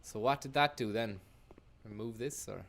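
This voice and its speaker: A man's voice: fairly low pitch, normal speed, vocal fry, a little hiss or hum. Sweary man streaming a game. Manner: sweary, joking, bursts into shouts. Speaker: gaming streamer. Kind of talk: live gameplay commentary.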